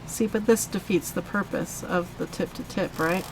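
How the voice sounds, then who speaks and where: A woman's voice: fairly low pitch, normal speed, noisy background. A woman hosting a live coloring tutorial, chatting casually as she demonstrates step by step. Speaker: host of a live coloring stream.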